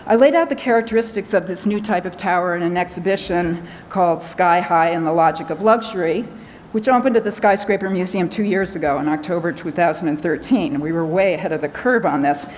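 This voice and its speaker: American woman presenter, hurried and filler-heavy, lecture-hall reverb. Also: fairly low pitch, slight background noise. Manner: hurried, talking fast with many fillers and restarts. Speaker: conference speaker. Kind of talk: conference talk. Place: large conference hall.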